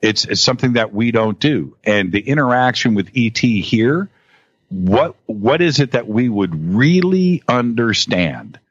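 A man in casual conversation as a guest, talking in halting bursts with many restarts and repeated words. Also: mid-range voice, lively intonation, slightly rough, dry recording. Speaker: podcast guest. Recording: dull lo-fi audio.

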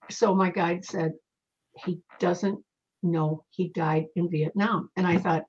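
Husky-voiced middle-aged woman telling ghost stories. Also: lowish voice, slow. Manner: animated, acts out quoted voices in her stories. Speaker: psychic medium guest. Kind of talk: casual storytelling in an interview. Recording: slightly dull lo-fi recording.

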